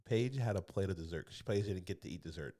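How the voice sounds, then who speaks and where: Here a low-pitched man with a warm tone races along as co-host of a comedy podcast. He rambles through a story, laughing a lot, starting over often, and mimicking others' voices into a podcast studio mic.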